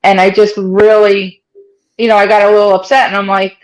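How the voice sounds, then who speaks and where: A woman's voice: mid-range voice, flat delivery, brisk, poor audio. A woman in her forties telling her own story in an interview, conversational and full of fillers, acting out what people said. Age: 40s. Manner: conversational, many fillers, acts out quoted speech. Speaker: interviewee, stroke survivor.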